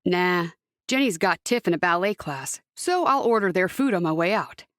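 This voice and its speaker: Lady reading jokey talkative dad friend, teasing, quick chatter. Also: lowish voice, lively intonation, fairly bright tone, dry recording.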